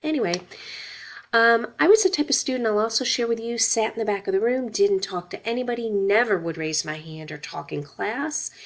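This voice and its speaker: A middle-aged woman, a college instructor, giving a conversational recorded lecture with personal stories and frequent tag questions. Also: medium pitch.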